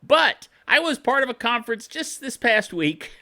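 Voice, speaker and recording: A man's voice: very high voice, big pitch swings, moderate pace, pushed and bright. A man hosting a tech tips show, griping like a self-styled curmudgeon, chuckling often and checking in with "okay?". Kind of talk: tech tips talk to camera.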